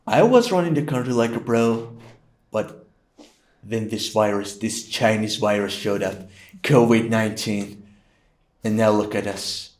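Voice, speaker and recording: A man's voice: lowish voice, measured pace, pauses often, darkish tone, echoey room, natural voice. A man doing a blustering, boastful ex-president. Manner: rambling, repetitive boasting, nicknames rivals.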